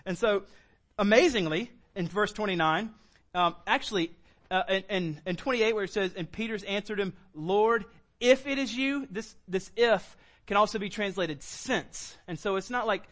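A man preaching a sermon as pastor, animated, acting out quoted lines with sudden high bursts. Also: normal speed.

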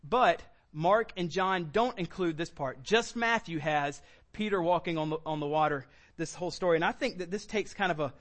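A pastor preaches a sermon at a moderate pace, animated throughout. He acts out quoted lines with sudden bursts into a high pitch.

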